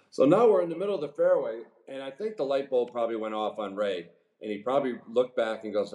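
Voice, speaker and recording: A man in his sixties, a former pro golfer, telling rambling, animated anecdotes as a podcast guest. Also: mid-range voice, moderate pace. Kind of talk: casual storytelling interview. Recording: echoey room.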